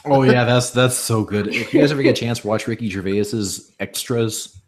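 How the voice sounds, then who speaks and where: A man's voice: mid-range voice, normal speed. A man in a casual podcast chat who retells a scene with eager storytelling and fillers.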